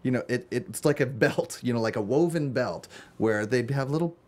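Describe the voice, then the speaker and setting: A man's voice: mid-range voice, normal speed, a little mellow. A man from Chicago, an actor as a guest, chatting casually in a studio interview and telling rambling, jokey stories.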